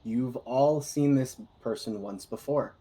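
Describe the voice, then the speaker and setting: A man narrating a tabletop game as dungeon master, in a casual, measured way with fillers. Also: mid-range voice, mellow.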